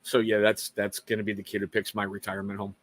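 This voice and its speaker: Speaking fast in a lowish, somewhat bright voice with a completely flat delivery, this livestream host, a middle-aged Washington State man, talks earnestly to viewers on his casual live show, drifting into rambling, self-deprecating asides.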